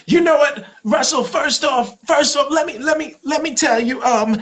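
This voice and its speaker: A man's voice: extremely high pitch, normal speed, a bit bright, pitched above the performer's own voice. A man voicing an indignant, proud woman comedian who scolds and protests in a sassy manner. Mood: aggrieved. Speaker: comedian doing impressions.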